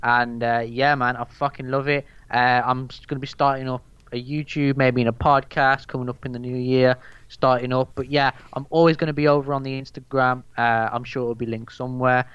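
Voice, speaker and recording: A man's voice: medium pitch, level tone, fairly quick, a bit bright, clear, resonant tone, no echo, muffled recording. A young man with a Birmingham accent chatting casually as a podcast guest, rambling and swearing with lots of fillers. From England. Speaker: guest, MMA news account runner.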